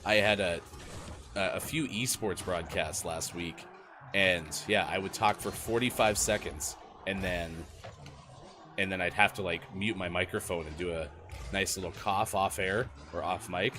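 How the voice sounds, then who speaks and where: A man's voice: low voice, a little slow, noisy background. A man co-hosting a gaming morning show, talking casually and energetically to the stream chat while getting over a cold. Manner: chatty, energetic, talks to chat directly. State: recovering from a cold, voice a bit worn.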